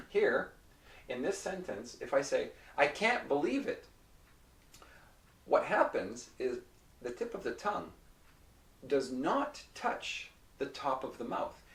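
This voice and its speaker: Male english teacher, slow deliberate delivery, patient, roomy echo, a bit off-mic. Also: mid-range voice, recorded from a distance. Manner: patient, repeats words and checks in with "okay?". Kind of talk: slow, explanatory whiteboard lesson.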